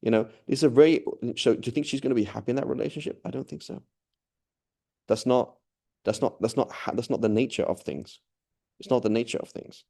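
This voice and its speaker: A man's voice: mid-range voice, a little fast, vocal fry, dark tone. A man giving a casual religious talk in a conversational way, often checking in with the listener and acting out quoted dialogue. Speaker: religious teacher.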